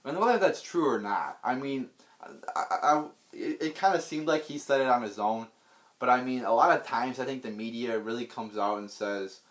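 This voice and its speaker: A man's voice: medium pitch, moderate pace. A man delivering an unscripted political rant, blunt and profane, rambling with many restarts and repeated words. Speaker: political vlogger.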